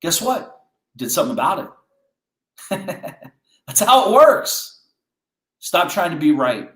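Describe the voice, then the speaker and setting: A man's voice: high voice, big pitch swings, slow pace, a bit bright, reverberant. A man hosting a podcast, giving a blunt, fired-up motivational monologue full of rhetorical questions. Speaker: podcast host.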